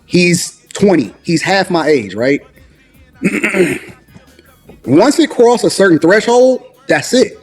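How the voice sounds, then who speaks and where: A man in his forties telling a story in an animated way, loudly acting out what people said. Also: high voice, faint music behind. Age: 40s. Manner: rapid, acts out quoted dialogue loudly. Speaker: podcast storyteller.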